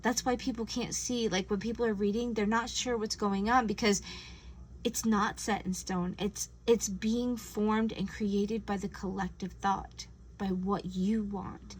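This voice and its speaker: Woman, tarot reader, earnest and gentle, mid pitch, faint background hiss. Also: fairly even intonation, a little slow, poor audio. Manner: earnest and gentle, acts out imagined dialogue. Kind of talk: casual spiritual tarot reading.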